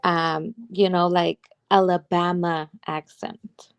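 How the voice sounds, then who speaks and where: A woman talks enthusiastically on a casual livestream, gushing and packing her sentences with "like." Her voice sits a bit low for a woman. The sound is close and dry. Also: little pitch movement, slow, clean tone, no room sound. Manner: gushing, heavy use of "like". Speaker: podcast co-host.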